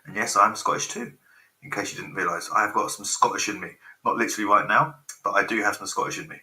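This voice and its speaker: Hosting a live stream, a man in his forties rambles, swears freely, and gets sidetracked by technical snags. His lowish voice comes across piercingly sharp and tense, with fairly even intonation and fast delivery, ringing in an echoey room.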